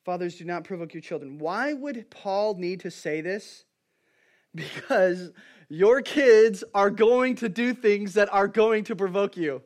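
Preacher, male, 30s, high-pitched, energetic sermon delivery with big dynamic swings. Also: a little slow. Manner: animated storytelling, swings from hushed to loud. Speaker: pastor.

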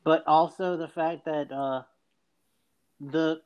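A man co-hosting a podcast, talking casually and haltingly as he searches for words. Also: on the high side, fairly even intonation, clear, resonant tone. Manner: halting, many fillers and restarts. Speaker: podcast co-host. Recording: dull lo-fi sound.

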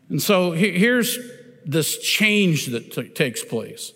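A pastor preaching a sermon in a church, deliberate and emphatic, often pointing listeners to the text with "notice". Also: male voice, on the high side, big pitch swings, bright, forceful tone. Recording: long reverb of a large hall.

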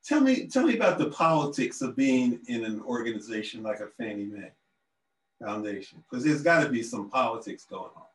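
A man's voice: mid-range voice, big pitch swings, brisk, echoey room, far from the mic, rough recording. A man hosting a podcast interview, asking probing questions and offering short encouraging replies. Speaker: podcast host.

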